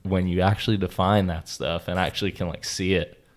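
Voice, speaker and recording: Low-voiced man in casual podcast chat. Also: steady tone, fairly quick.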